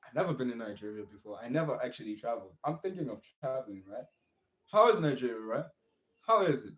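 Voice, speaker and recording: A man's voice: mid-range voice, animated, fast, fairly bright tone, poor audio. A young man, giving an earnest, encouraging motivational talk on a casual livestream and repeating his phrases. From South Africa. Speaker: livestream host.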